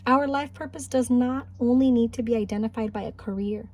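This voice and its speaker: Soft-spoken woman giving a card reading. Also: on the high side, fairly even intonation, a little fast. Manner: gentle, encouraging, thinks aloud with restarts. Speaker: tarot card reader. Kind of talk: spiritual pick-a-card reading. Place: home, Highland Park, California.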